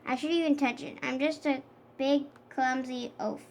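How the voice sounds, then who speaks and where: Loud, clumsy starfish buddy from a storybook, as a woman reads him, high voice. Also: steady tone, moderate pace, a little hiss or hum. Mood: sheepish.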